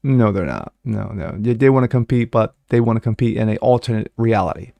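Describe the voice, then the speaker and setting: A man's voice: mid-range voice, steady tone, fast talker, vocal fry, warm tone, no echo. A man hosting a daily commentary show, talking in a sarcastic, mocking, loose and conversational way into a close mic.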